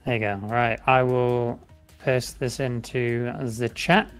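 A man's voice: medium pitch, flat delivery, takes it slowly, smooth, faint music behind. A British man co-hosting a live gameplay stream, chatting, joking and repeating giveaway instructions. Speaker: streamer co-host.

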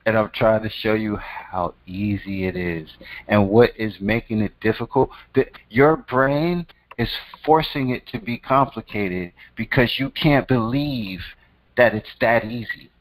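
A man's voice: fairly low pitch, unhurried, no room sound, poor audio. Slangy, emphatic man in a dry room. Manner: slangy, emphatic street talk that calls the listener "son"; profane, repetitive and preachy. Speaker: host. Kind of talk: casual advice monologue.

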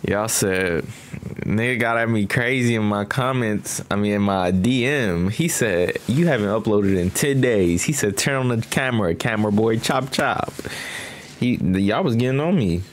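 A man hosting a casual reaction video, rambling and swearing in a relaxed way while high, sometimes mimicking others in squeaky voices. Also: moderate pace.

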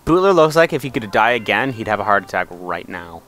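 Dry, sarcastic young man, lively voice. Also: on the low side, brisk, faint music behind. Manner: dry, sarcastic, playfully grumpy. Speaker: co-host of a gameplay video. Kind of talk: casual gaming commentary.

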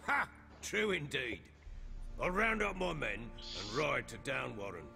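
A man's voice: mid-range voice, very animated, unhurried, vocal fry, bright, forceful tone, exaggerated voice. An actor playing a boastful middle-aged warlord baron in a video game, blustery and coarse as he tells his stories. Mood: gruff. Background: game music.

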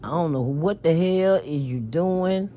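At a measured pace, a New Orleans woman with a low-pitched, expressive voice rambles through a late-night confessional vlog from her bed. She stammers, leans hard on her words and swears freely. The phone recording is muffled and lo-fi, with slight background noise.

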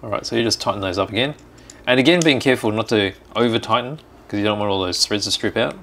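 A man hosting a workshop video, calmly explaining each step of a kit build in casual chat. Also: fairly low pitch, quick pace, slight background noise. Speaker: hobby shop host building a kit.

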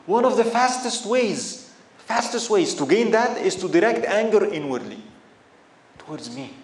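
A man's voice: sits high, very animated, unhurried. A man giving a religious lecture, impassioned and full of rhetorical questions that build to emphatic outbursts. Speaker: Islamic lecturer. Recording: echoey room with faint background noise.

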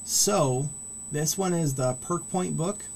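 A man talks through a tutorial in a warm, mellow voice, casual and rambling as he goes. He gets visibly excited about the features he likes. A faint hiss sits under the recording. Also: on the high side, slow pace, creaky. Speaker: modding tutorial host. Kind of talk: casual screen-recorded walkthrough.

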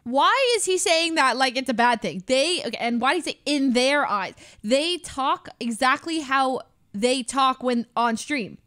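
A young woman with a high, bright voice reacts to clips on stream in a chatty, giggly way. She talks loosely, laughing and rambling as she goes. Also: expressive, a little slow, few pauses. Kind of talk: casual reaction commentary.

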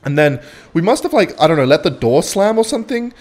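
Lively young man telling a rambling story. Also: a little high, fast. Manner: animated, rambling anecdote with swearing and self-mockery. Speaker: gaming channel host. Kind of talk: storytelling over gameplay commentary.

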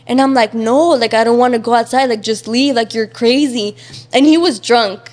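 A young woman in her twenties telling a personal story in casual chat, talking quickly and filling it with "like" and swearing. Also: fairly high pitch, steady tone, darkish tone. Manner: fast chatty, heavy use of "like", swearing. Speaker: guest.

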